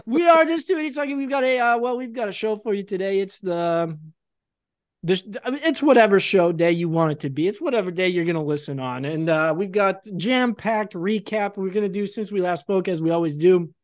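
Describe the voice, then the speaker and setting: A man's voice: high-pitched, fairly quick. A man co-hosting a casual podcast chat, rambling and joking and often laughing. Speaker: podcast co-host.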